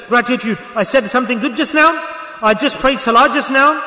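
Animated Sufi preacher in an echoey hall. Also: male voice, very high-pitched, a little fast. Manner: animated, acts out dialogues, rising to shouts. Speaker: Sufi teacher. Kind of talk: sermon.

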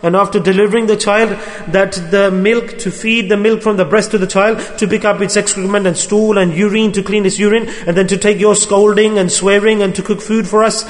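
High-voiced man preaching in an echoey hall. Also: flat delivery, a little fast. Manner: storytelling, acts out quoted speech. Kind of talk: sermon.

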